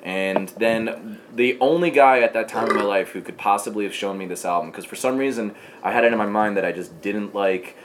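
A man's voice: lowish voice, fairly quick, hardly any pauses, slight background noise. A man in his thirties chatting casually as a podcast guest, rambling with many fillers and frequent swearing. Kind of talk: casual chat.

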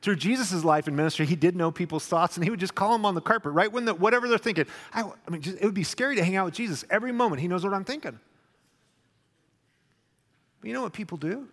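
A man's voice: high-pitched, quick pace. Man preaching in a reverberant hall. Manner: swings from loud animated questions to quiet intimate confession. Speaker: pastor. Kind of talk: sermon. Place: church hall with congregation.

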